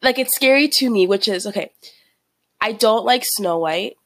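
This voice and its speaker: A woman's voice: mid-range voice, animated, moderate pace, dry recording. A young woman in her twenties co-hosting a podcast, nasal and congested from a cold, chatting candidly and swearing freely. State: stuffed up with a cold. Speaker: podcast co-host. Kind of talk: casual chat.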